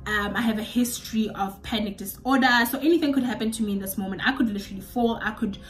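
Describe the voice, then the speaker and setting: A woman's voice: medium pitch, fast talker, distant mic, faint music behind. A young woman from South Africa telling a personal story to her viewers in a casual, confiding vlog. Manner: chatty, confiding, addresses viewers as guys. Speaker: YouTuber.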